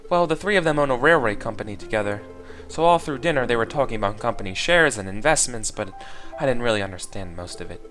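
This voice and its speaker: A man's voice: mid-range voice, expressive, quick pace, few pauses, a bit bright, soft background music, lightly acted. A man voicing a naive young noblewoman cat in a game, chatty and childlike.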